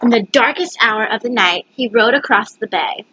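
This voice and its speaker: A woman's voice: a little high, normal speed, sharp tone, husky, no echo, lo-fi sound. A woman reading a picture book aloud, stumbling over words and correcting herself. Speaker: reader. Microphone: webcam.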